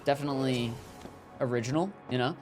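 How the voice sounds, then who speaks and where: A gaming streamer with a medium-pitched voice talks fast and loosely over his gameplay, reading chat and riffing on whatever pops into his head. His rambling, jokey delivery is packed with fillers and restarts, with quiet game music underneath.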